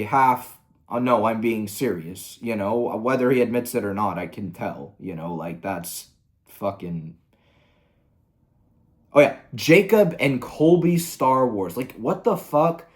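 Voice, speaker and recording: An angry man rants through a commentary video, swearing freely and sounding exasperated. His pitch sits in the middle but swings widely as he vents. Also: lively intonation, slow pace, pauses often. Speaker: commentary host. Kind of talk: ranting commentary.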